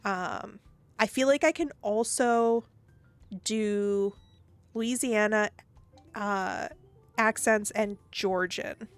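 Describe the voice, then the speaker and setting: A woman's voice: mid-range voice, very slow, long pauses, smooth, no room sound, faint music behind. A woman streaming a game and chatting casually, rambling and laughing easily. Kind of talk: casual gaming stream chat.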